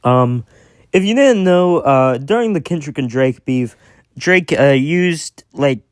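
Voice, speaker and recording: A man's voice: a little high, animated, takes it slowly, dry recording, studio quality. A man rambling casually about music, with lots of fillers, restarts and swearing. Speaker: music commentator.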